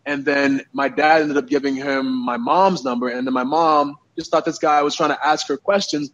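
Male interview guest, slightly high husky voice, animated rambling storyteller with many fillers, muffled recording. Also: normal speed. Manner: animated, with lots of fillers and repeats.

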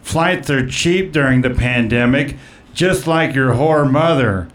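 A man's voice: medium pitch, measured pace, close to an everyday voice. A man putting on a sassy, campy older male comedy writer who trades insults at a roast and calls people honey.

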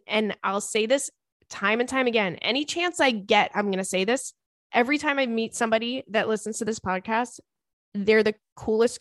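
A woman's voice: fairly high pitch, fairly bright tone, no echo, studio quality. A young woman hosting a podcast in casual chat, bubbly and playful with slangy talk, a little congested in her nose. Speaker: podcast host.

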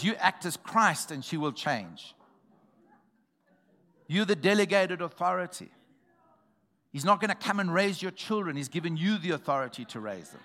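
A man preaching a sermon, telling a testimony in a storytelling way that builds to shouted exhortation. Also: a little high.

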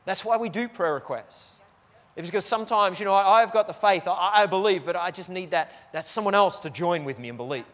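High-voiced man preaching in a reverberant church. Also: fairly quick, fairly bright tone. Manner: preaching, repeats key phrases for emphasis. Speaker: pastor. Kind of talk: sermon.

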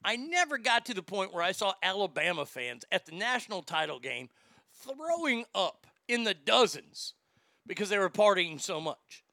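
A man's voice: high-pitched, very animated, normal speed, gravelly, sharp tone, dry recording, clean studio sound. A man hosting a talk show, ranting bluntly and sarcastically with plenty of profanity, and reading listener comments aloud. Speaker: radio talk show host.

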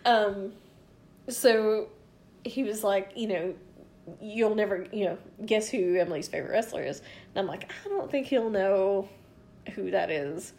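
A woman's voice: medium pitch, measured pace, darkish tone. Rambling woman telling a story. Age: 40s. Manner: rambling, loose, swears freely, quotes others in back-and-forth. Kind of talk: casual storytelling chat.

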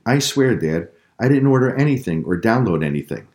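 A man's voice: lowish voice, very animated, a little fast, darkish tone, pitched above the performer's own voice. A man voicing an older brother boy who protests he is innocent. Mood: protesting. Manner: protesting, insistent. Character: older brother boy, indignant and falsely accused.

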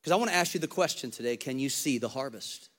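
A male pastor delivers a lively, funny sermon full of Bible stories, talking fast and swinging between loud, high-pitched calls and quiet, intimate passages.

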